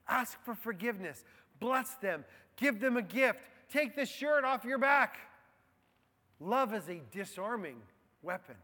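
A man preaching a sermon as a pastor, slow and deliberate, letting key phrases fall soft and quiet. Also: very high-pitched, lively intonation. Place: church. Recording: long hall reverb.

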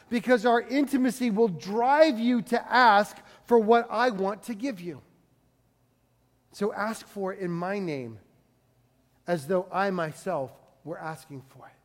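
Man, pastor, sermon, impassioned then hushed, high-pitched, long hall reverb. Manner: impassioned preaching, dropping to hushed tones for quotes.

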